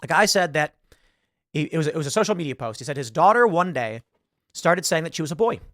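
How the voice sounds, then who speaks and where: Lively, fairly high-voiced male host, casual commentary monologue, dry studio sound. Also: fast talker, no room sound. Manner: animated storytelling, acts out quoted voices.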